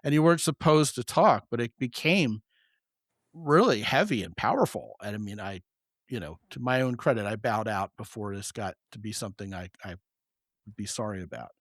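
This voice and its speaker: A man hosting a podcast, telling stories in a joking, animated way. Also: on the low side, moderate pace, no room sound, clean studio sound. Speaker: podcast host. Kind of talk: casual podcast conversation.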